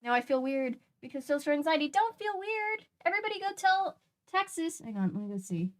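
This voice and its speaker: A woman's voice: high voice, big pitch swings, brisk. A woman hosting a stream, chatting casually as she reads comics aloud, often trailing off and restarting her sentences. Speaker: streamer host. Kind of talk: casual chat while reading comics aloud.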